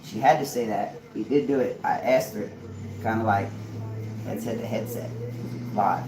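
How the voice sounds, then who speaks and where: A man rambles on a live stream, swearing and laughing to himself, his voice on the low side at a normal speed. He's heard from far off in an echoey room, with crowd noise in the background.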